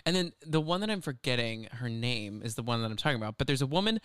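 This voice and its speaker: A man's medium-pitched, clean-toned voice moves at a quick pace in a dry, studio-quality recording. He co-hosts a podcast, telling a story casually with animated energy and frequent bursts of giggling laughter.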